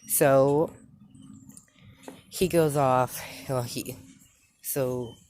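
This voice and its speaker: A man casually retelling his own fan story, rambling and halting with many fillers and restarts. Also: medium pitch, steady tone, darkish tone, slight background noise.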